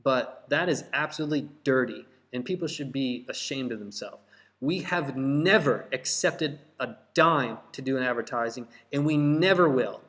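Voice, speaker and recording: A man's voice: mid-range voice, moderate pace, a bit bright. A man hosting a crypto video channel, talking straight to his viewers in an emphatic, heated way and repeating his points. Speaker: crypto YouTube host and course seller. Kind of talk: direct-to-camera vlog talk.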